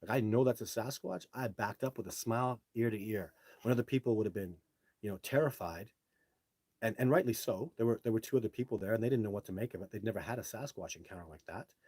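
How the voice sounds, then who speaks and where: Brash, husky-voiced man hosting live. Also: on the low side, quick pace, a little mellow, dry recording. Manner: blunt, brash storytelling. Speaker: live show host reading viewer comments. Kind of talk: casual live-stream chat. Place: home setup, speaking to a phone.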